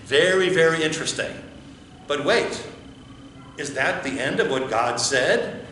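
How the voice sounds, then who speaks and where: Male American pastor, slightly higher voice, chatty sermon full of questions, echoey church room. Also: a little slow, sharp tone, slight background noise. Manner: conversational, asks the congregation questions. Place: church sanctuary. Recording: echoey church with faint ambience.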